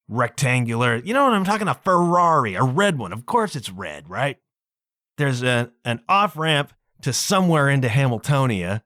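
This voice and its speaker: A man telling a rambling road-trip story on his podcast, his voice swooping up and down as he exclaims and drags out words for effect. The tone sits a bit high for a man and sounds close and dry, with no room around it. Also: no echo. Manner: animated, exclaiming, drawn-out words for emphasis. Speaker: podcast host. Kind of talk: casual storytelling monologue.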